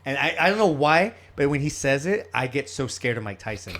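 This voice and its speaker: A man's voice: medium pitch, big pitch swings, brisk, a bit bright. Rambling, profane man chatting. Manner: rambling, profane, laughs often. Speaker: podcast co-host. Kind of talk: casual chat.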